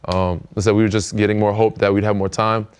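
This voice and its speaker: An American man in his thirties, a pro basketball player who hosts a podcast, chats casually in a lowish, smooth voice at a fairly quick pace. He's relaxed and rambling, with lots of fillers.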